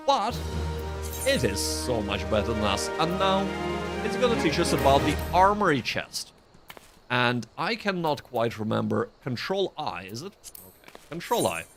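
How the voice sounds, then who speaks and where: A man's voice: medium pitch, a bit bright. Chatty man narrating a game. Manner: chatty, self-deprecating, with restarts. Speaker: streamer. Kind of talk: casual gameplay commentary.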